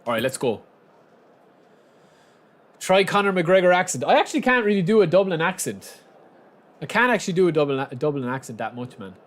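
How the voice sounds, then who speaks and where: Talking fairly quickly in a slightly high, very animated voice, a young man offers laid-back commentary on his own football match during a live stream, with long pauses in between. He banters with viewers and bursts out shouting at the big plays.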